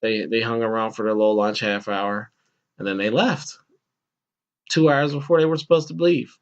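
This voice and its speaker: A man's voice: moderate pace, lo-fi sound. A man hosting a podcast, telling a story in a casual chat and acting out the people he quotes. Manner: animated, acts out quoted voices with bursts of pitch. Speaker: podcast host.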